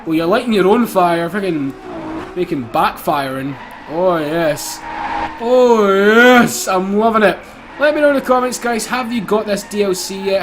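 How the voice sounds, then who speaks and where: A young Scottish man giving excitable, casual commentary while playing a racing game, swearing and laughing often. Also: high voice, slight background noise. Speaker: gaming YouTuber.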